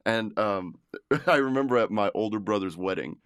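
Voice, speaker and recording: A man's voice: on the low side, animated, moderate pace, a bit bright, clear, resonant tone, dry recording, studio quality. A man hosting a casual podcast chat, laid-back, swearing and laughing often. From Michigan. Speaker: podcast host.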